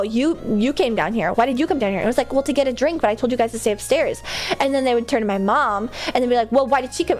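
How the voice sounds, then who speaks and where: A young woman streaming, telling a rambling story in casual chat, full of "like"s and high squeaky laughing bursts. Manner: animated, jumps into high squeals when laughing.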